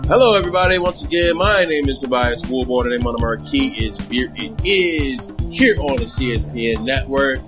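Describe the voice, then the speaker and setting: A man's voice: medium pitch, moderate pace, few pauses, over music. A man hosting a podcast from a brewery taproom. He chats casually and playfully and calls his guest "man" all the time. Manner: lively, playful, says "man" often. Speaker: podcast host. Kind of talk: casual interview chat.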